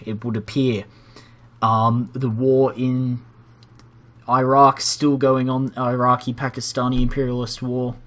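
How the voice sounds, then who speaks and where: A young man commentating a strategy game timeline in a measured, dry and lightly wry way. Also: mid-range voice, fairly bright tone.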